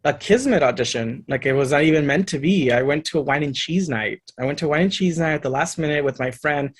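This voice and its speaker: Man, quick lively storyteller, slightly high voice, acts out other people's lines. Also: husky. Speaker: actor guest. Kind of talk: animated anecdote telling.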